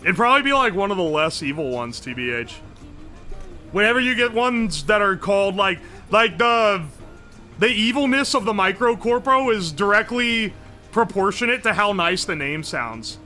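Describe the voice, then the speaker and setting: A man's voice: high voice, lively intonation, normal speed, bright, forceful tone, faint music behind. A man streaming live, reading his chat aloud and reacting in a joking, profane way. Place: home streaming setup.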